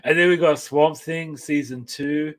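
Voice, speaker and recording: A man's voice: a little high, steady tone, measured pace, a bit bright. A man co-hosting a casual chat about comics and films, rambling and enthusiastic with many restarts. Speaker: podcast co-host.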